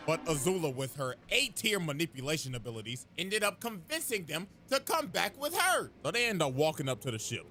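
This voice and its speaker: A man's voice: fairly high pitch, very animated, fairly quick, hardly any pauses, music in the background. A young man hosting a reaction video, casually recapping a cartoon with comedic, profane storytelling.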